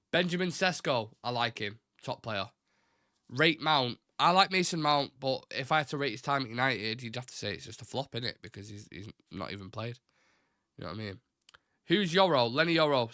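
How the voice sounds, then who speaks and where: Mancunian lad in his twenties, live-stream host, blunt and chatty, bright tone, dry close sound. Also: mid-range voice, no echo. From Manchester, England. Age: 20s. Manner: casual, blunt, swears freely, reads out chat questions. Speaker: fan channel host. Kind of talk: live stream chat reading viewer comments.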